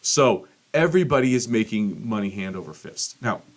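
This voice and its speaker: A middle-aged man hosting a podcast, telling a rambling, profane story and acting out quotes with big jumps in pitch. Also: expressive, normal speed. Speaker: podcast host. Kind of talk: casual monologue.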